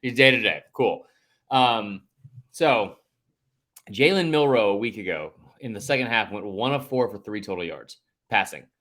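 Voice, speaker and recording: A man's voice: fairly low pitch, lively intonation, moderate pace, fairly bright tone. A man co-hosting a sports podcast in casual chat, heated and emphatic, rambling through fillers and restarts and swearing when he gets fired up. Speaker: podcast co-host.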